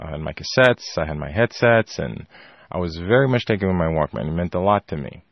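A man telling a personal anecdote to his listeners, animated and rambling, leaning on filler phrases and acting out his family's lines. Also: deep voice, no echo, lo-fi sound. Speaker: storyteller. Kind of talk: personal anecdote told to an audience.

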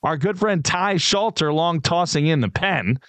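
A man's voice: on the high side, animated, unhurried, fairly bright tone, clear, resonant tone, no room sound. A male sports radio host, chatting casually and opinionatedly, talking straight to his listeners. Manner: opinionated, conversational, addresses listeners directly.

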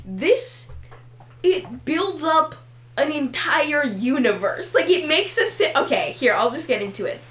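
Giggly high-voiced young woman. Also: big pitch swings, a bit bright, roomy sound, slight background noise. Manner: giggly, jokey, drawn-out delivery. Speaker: podcast co-host. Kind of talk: casual chat.

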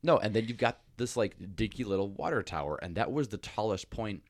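A man co-hosting a casual podcast, cracking deadpan jokes and side comments. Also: on the low side, brisk, no echo, studio quality. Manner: joking, deadpan asides. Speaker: podcast co-host. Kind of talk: casual chat.

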